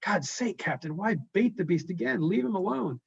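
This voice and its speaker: A man's voice: high voice, expressive, normal speed, creaky, husky, pitched above the performer's own voice, heavily acted. A man doing frightened pleading sailors. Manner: urgent, protesting. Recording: dull lo-fi recording.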